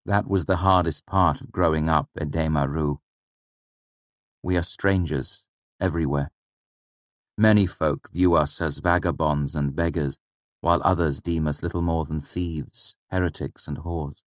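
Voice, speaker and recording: Male narrator for a first-person audiobook, very low voice, measured and reflective, in a dry booth. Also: steady tone, no room sound.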